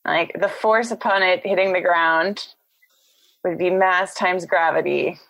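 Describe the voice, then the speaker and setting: A woman's voice: on the low side, unhurried, vocal fry, fairly bright tone, poor audio. A woman in casual podcast chat, explaining plainly and laughing.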